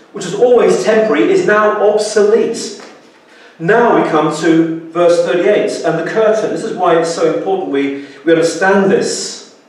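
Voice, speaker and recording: A man's voice: high-pitched, a little mellow. A man preaching a sermon in a church, earnest, with frequent restarts and sudden emphatic exclamations. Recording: echoey church hall, distant mic.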